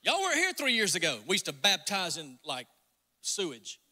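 A pastor with a north Georgia Southern accent preaching a folksy, joking sermon in a church sanctuary. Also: male voice, high voice, wildly swooping pitch, moderate pace, bright, forceful tone. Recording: long reverb in a church hall.

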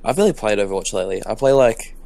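A man's voice: fairly low pitch, expressive, quick pace, creaky, darkish tone, dry recording. A young man chatting casually while co-hosting a game session, rambling and packing his talk with "like". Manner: rambling, lots of "like" fillers, upbeat. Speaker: gaming co-host.

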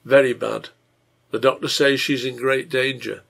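A severe, reproachful wife speaks with weight, as a man puts her on. Her words come through a husky, gravelly voice, and she never raises her tone into shrillness. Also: mid-range voice, little pitch movement, normal speed, a bit bright. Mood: grieving. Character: stern grown woman, the innkeeper's wife.

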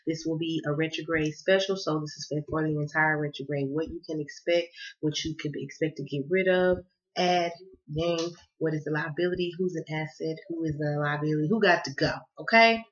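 A woman's voice: deep voice, fairly quick, highs cut off. A woman with a Southern American accent giving a casual tarot reading to camera, chatty and laughing, often checking in with "okay?" and calling listeners "baby". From Southern United States. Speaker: tarot card reader.

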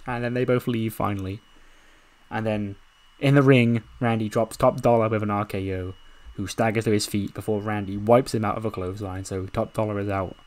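A man narrating a wrestling management game in a casual, excited way, swearing and laughing as he goes. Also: on the low side, normal speed. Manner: excited, swearing, laughing at his own story. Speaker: video game commentator.

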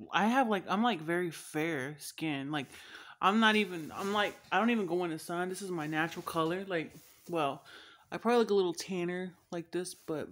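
Young woman vlogger, slightly low voice, rambling profane storytelling with frequent laughs. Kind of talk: casual storytelling vlog.

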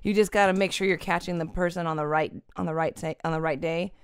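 A woman's voice: lowish voice, fairly even intonation, fast talker, clean tone, dry recording, clean studio sound. A woman co-hosting a podcast, teasing and laughing in casual chat with some swearing. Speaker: podcast co-host.

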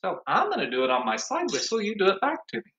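A man's voice: high voice, huge pitch swings, quick pace, bright, forceful tone, low-quality recording. A man teaching an online music class to young children, talking cheerfully and singing along with a ukulele.

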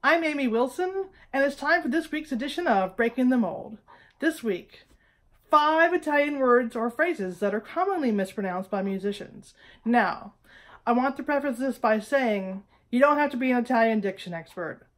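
A woman with a fairly high voice hosts a casual weekly lesson straight to the camera. She talks in a playful, emphatic way and keeps checking in with her listeners. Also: expressive, normal speed. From United States. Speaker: host of a weekly music tips show. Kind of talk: casual direct-to-camera teaching.

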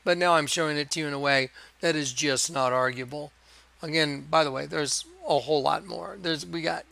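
A man giving a rambling religious monologue over images, in an excitable, emphatic manner with chuckles. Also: on the high side, creaky. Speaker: video preacher.

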